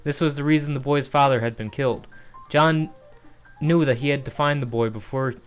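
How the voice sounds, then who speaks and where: A man's voice: mid-range voice, normal speed, clean tone, soft background music. A man streaming a casual read-aloud of his own novel, often chuckling at his writing and restarting lines.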